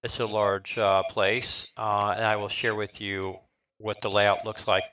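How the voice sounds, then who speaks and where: Middle aged guy running a tabletop game live, lowish bright voice, lots of uhs. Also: level tone, rough recording. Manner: halting, lots of filler and restarts while describing scenes. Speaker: dungeon master.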